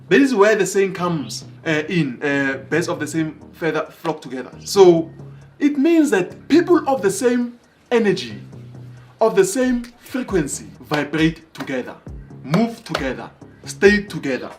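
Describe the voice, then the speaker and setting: A man from Africa, telling a motivational story in an animated way, acting out dialogue and repeating phrases for emphasis. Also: on the high side, a little slow, faint music behind. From South Africa. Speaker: motivational speaker.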